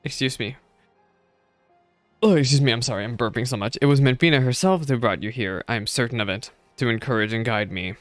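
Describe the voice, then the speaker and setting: A man's voice: mid-range voice, fast, hardly any pauses, no echo, soft background music, close to an everyday voice. A man voicing a timid pleading merchant. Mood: anxious, pleading. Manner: hesitant, earnest, pleading. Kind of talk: reading game dialogue aloud.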